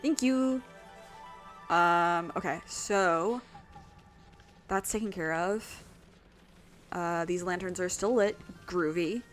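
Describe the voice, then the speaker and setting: A woman's voice: lowish voice, fairly even intonation, takes it slowly, long pauses, a bit bright, faint music behind. Chatty woman streaming a game. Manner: chatty and self-deprecating, rambling with fillers and swearing. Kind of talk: casual gaming stream chat.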